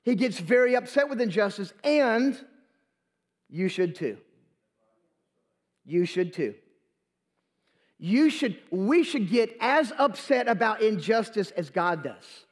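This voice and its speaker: A man's voice: high-pitched, lively intonation, takes it slowly, long pauses. A man preaching a Sunday sermon in church, repeating phrases for emphasis and restarting words as he goes. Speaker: pastor. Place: church during a live Sunday service. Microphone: handheld or stand microphone.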